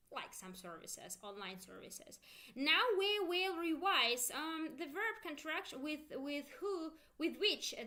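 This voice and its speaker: A woman with Russian as her first language teaching an online English lesson, explaining slowly with many fillers and drilling phrases for students to repeat. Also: a little high, bright, forceful tone.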